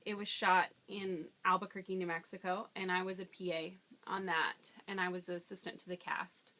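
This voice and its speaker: A woman in her twenties, an actress, chatting casually in an interview, laughing often and filling pauses with ums. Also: fairly low pitch, flat delivery, bright, forceful tone. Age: 20s.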